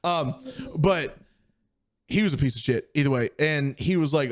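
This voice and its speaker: A man's voice: a little high, moderate pace. A young man co-hosting a podcast, telling a story in casual chat and acting out the people he quotes. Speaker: podcast co-host.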